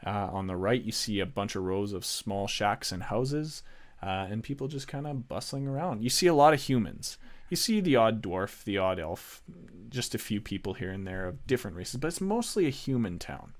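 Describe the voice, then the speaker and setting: A man's voice: lowish voice, animated, moderate pace. A man narrating a tabletop game as game master, casual and rambling.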